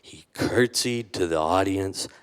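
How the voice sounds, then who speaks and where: Slow, deep-voiced man reading aloud. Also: clean tone, big-room sound. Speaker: author reading from his novel. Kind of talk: live reading to an audience. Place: literature house event hall.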